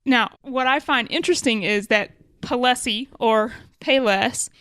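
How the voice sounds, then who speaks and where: Her pitch sits on the high side, and she speaks at an unhurried pace with a slightly bright, clean tone and no echo. She's a podcast co-host originally from Alabama, USA, working through business lessons conversationally, thinking out loud and revising her phrasing along the way.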